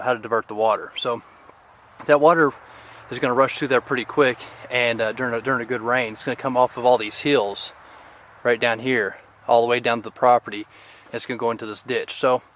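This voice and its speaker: A podcast host gives a casual outdoor video tour of his rural property and garden, recorded on a camera mic. His mid-range, slightly bright voice sounds a little out of breath as he rambles with lots of fillers while pointing things out.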